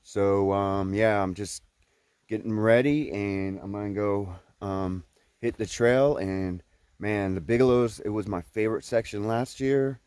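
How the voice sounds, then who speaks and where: A young man with a drawl talks to the camera while out on a mountain trail. His voice sits a little low, and it sounds dry and close with no echo. He speaks haltingly, full of fillers and restarts, and gets emotional. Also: darkish tone, clean tone. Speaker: thru-hiker vlogger. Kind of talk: casual vlog talk to camera.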